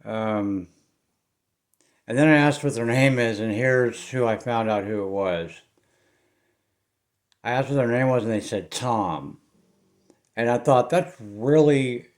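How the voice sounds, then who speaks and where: Low-voiced Southern man telling a ghost story. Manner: rambling, drops to quiet mumbles. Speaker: paranormal investigator vlogger. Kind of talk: casual storytelling to camera.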